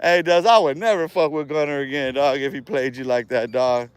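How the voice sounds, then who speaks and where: A man's voice: mid-range voice, fairly even intonation, brisk, smooth, dry recording. A man hosting his own livestream, rambling and taunting his viewers in a profane rant, often breaking into laughter. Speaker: livestream host.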